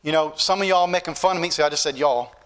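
A man's voice: fairly high pitch, quick pace, fairly bright tone, clean tone. A man preaching a sermon as pastor, folksy and joking at times, then building to emphatic points. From northern United States.

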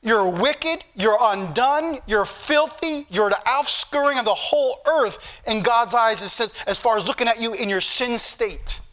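This sermon comes from a man with a Southern US accent who reads scripture slowly to his congregation, then preaches with emphatic repetition. He has a very high, expressive voice that sounds pushed and bright.

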